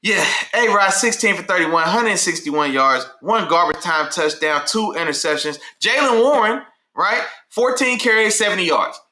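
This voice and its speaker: A man hosting a casual sports talk show, speaking in a slangy, animated way and repeating himself when worked up. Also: high voice, normal speed, few pauses, echoey room. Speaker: sports podcast host.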